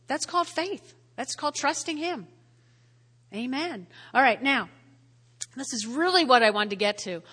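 A woman's voice: on the high side, fairly bright tone. A woman pastor preaching a conversational sermon, often checking in with her listeners and repeating key phrases for emphasis. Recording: long reverb of a large hall.

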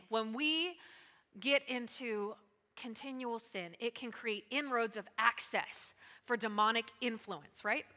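A woman pastor giving a lively, conversational sermon, calling out to her congregation. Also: on the high side. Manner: lively, conversational preaching with audience call-outs. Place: church sanctuary. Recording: long hall reverb.

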